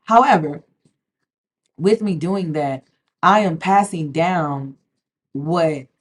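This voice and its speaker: A spiritual vlogger with a low voice speaks slowly and casually straight to camera. She is emphatic, repeats words, and keeps checking in with "okay?"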